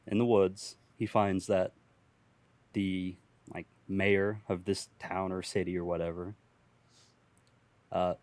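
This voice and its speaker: A young man spins a loose, profane improvised tale for a podcast, chuckling at his own jokes as he goes. His voice sits on the low side. The sound is dry and close to the mic. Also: darkish tone, no echo. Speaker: podcast host telling an improvised story. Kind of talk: casual improvised storytelling.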